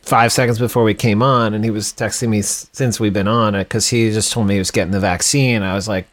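A Milwaukee man who plays in a band rambles as a guest on a casual podcast, speaking briskly in a lowish voice with fairly even intonation. His talk is full of fillers and restarts.

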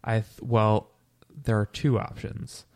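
A man's voice: lowish voice, little pitch movement, darkish tone. A man in casual chat, chiming in with short replies and goofy jokes. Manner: joking, quick interjections, tries silly accents. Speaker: podcast co-host discussing a book.

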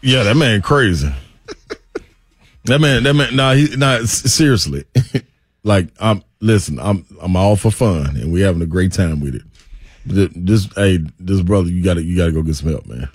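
A man's voice: low-pitched, lively intonation, normal speed, husky, no echo. A man, co-hosting sports radio in colloquial, laughing banter at a studio microphone.

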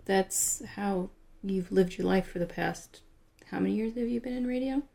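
A woman co-hosting a podcast, speaking softly in short interjections. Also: mid-range voice, normal speed, vocal fry. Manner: soft-spoken, brief interjections. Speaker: podcast co-host. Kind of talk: casual podcast chat.

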